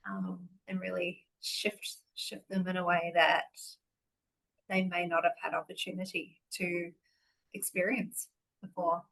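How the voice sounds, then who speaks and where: A woman's voice: fairly low pitch, level tone, unhurried, a bit bright, rough recording. A woman hosting a casual podcast interview, affirming and effusive toward her guest. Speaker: podcast host.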